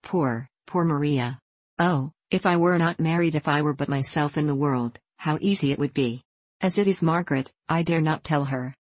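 Woman reading a middle-aged clergyman father, slow, measured, hesitant, low voice. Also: no room sound. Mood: solemn.

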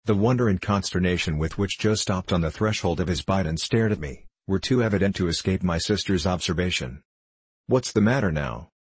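A man reading a classic novel aloud as an audiobook narrator, in a measured, even storytelling manner. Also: low-pitched, breathy edge, dry recording.

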